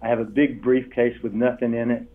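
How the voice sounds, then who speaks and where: An older man with a drawl tells stories as an interview guest, bringing the people he quotes to life with laughter in his voice. His pitch sits mid-range for a man. The sound is tinny and thin, as if over a phone line. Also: brisk. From Texas. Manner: animated storyteller, acts out quoted voices with laughs. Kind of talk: storytelling interview.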